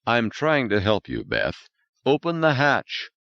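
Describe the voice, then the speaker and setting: A man's voice: medium pitch, huge pitch swings, unhurried, fairly bright tone, dry recording, dull audio, voice pushed up, full character voice. A man voicing a tense male psychologist, speaking urgently and insistently.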